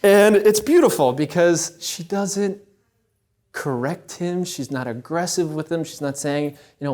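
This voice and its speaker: A man giving a storytelling talk at a Catholic event, conversational and animated, often checking in with the audience. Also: fairly high pitch, measured pace.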